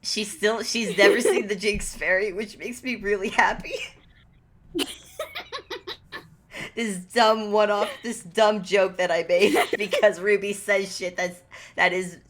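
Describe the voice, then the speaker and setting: A woman casually narrating her character in a tabletop game, halting and chuckling. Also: mid-range voice, steady tone, a bit bright.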